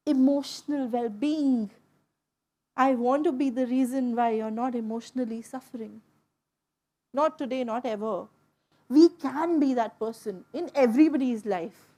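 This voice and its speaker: A woman from India telling a personal story to an audience, in an emotional, animated way. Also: high-pitched, normal speed, pauses often. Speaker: speaker. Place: stage before an audience.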